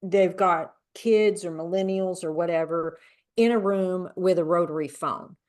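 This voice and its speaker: A woman's voice: lowish voice, unhurried, a little mellow. A woman hosting a podcast, telling personal stories at length in an earnest, conversational way that grows heated when she talks about people being mocked. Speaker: podcast host. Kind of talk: casual conversational podcast chat.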